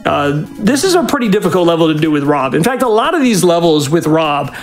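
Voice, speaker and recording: A man's voice: on the high side, very animated, fairly quick, faint music behind. A man at a live speedrun marathon, giving doting, coaxing commands to his dog while explaining the game.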